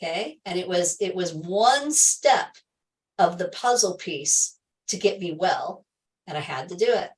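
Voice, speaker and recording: A woman's voice: fairly low pitch, expressive, a little slow, far from the mic, poor audio. A middle-aged woman hosting a health livestream, telling a personal story to viewers in an emphatic way, repeating key phrases and laughing often.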